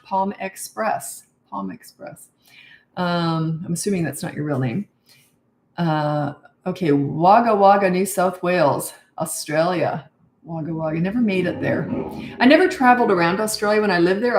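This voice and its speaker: Older woman, parenting coach, casual livestream chat, greets viewers, lowish voice, echoey room. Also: animated, a little fast, a little hiss or hum. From Canada. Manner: chatty, reads out viewer comments and greets them.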